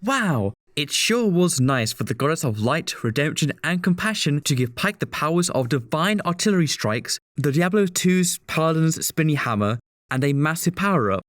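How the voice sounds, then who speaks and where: Sarcastic man with a lively voice. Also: on the high side, moderate pace, no echo. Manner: sarcastic, exasperated. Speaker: video essayist critic. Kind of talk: scripted commentary.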